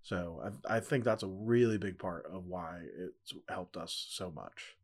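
A man's voice: low voice, a little slow. A young man chatting casually as a podcast guest, telling a story in a laid-back way with lots of fillers and frequent laughs. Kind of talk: casual chat.

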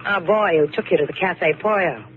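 A woman's voice: lowish voice, a little fast, natural voice. A woman playing a fearless, wry adventurer who answers danger with dry sarcasm, in 1950s radio drama. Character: sassy, fearless female adventurer. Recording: scratchy old radio broadcast, narrow band.

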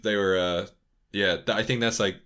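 Young man, very low pitch, bright forceful tone, rambling, casual swearing, laughs a lot. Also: fairly even intonation, moderate pace. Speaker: YouTuber guest. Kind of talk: casual interview chat.

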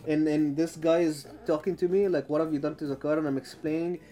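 Laughing young man with a high voice. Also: a little fast. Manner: excited, laughing, swears freely. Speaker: co-host. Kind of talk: casual storytelling chat.

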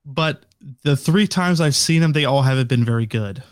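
A man's voice: medium pitch, moderate pace, no echo, clean studio sound. A young man co-hosting a podcast in casual chat, rambling with many fillers and restarts. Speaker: podcast co-host.

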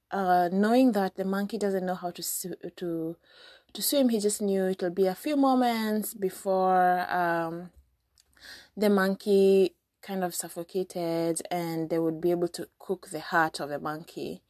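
A woman's voice: medium pitch, a little mellow, no room sound, clean studio sound. A woman from Kenya hosting a podcast, chatty and casual as she retells a folk story with lots of fillers. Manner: chatty, frequent fillers and restarts. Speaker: podcast host.

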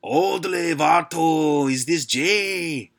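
A man's voice: a little high, fast, gravelly, pushed and bright, voice pushed up. A man voicing a teenage boy prank caller who fakes a menacing gangster voice with clumsy tough-guy slang.

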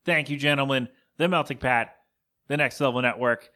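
A man's voice: medium pitch, normal speed, bright, forceful tone. A man hosting a podcast in a casual, rambling chat, teasing himself as he talks. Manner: rambling and self-mocking. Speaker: podcast host.

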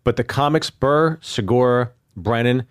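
A male comedian and filmmaker talking as a guest in a casual chat, relaxed and swearing now and then. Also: medium pitch, measured pace, clean tone, dry recording, studio quality.

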